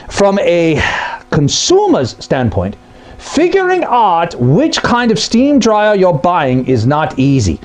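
Man, appliance repair tech, high voice, animated, blunt explainer. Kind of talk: explainer video.

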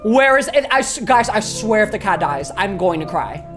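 A woman's voice: mid-range voice, sing-song, moderate pace. A woman streaming a horror game live, panicking, swearing and shrieking the same exclamations over and over. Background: game music.

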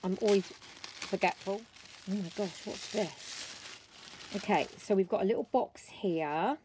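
A British woman chatting casually as she shows off craft gifts, croaky from the end of a cold and gushing over each item. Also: mid-range voice, measured pace, a little hiss or hum, poor audio. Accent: British English. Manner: gushing and warm, frequent ums, gasps with delight. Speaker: craft vlogger. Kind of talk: casual show-and-tell chat.

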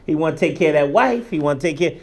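Male religious teacher, high-pitched, very animated delivery, casual street-level phrasing, emphatic. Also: quick pace. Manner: animated, colloquial, emphatic preaching. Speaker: Islamic teacher. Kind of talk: religious lesson.

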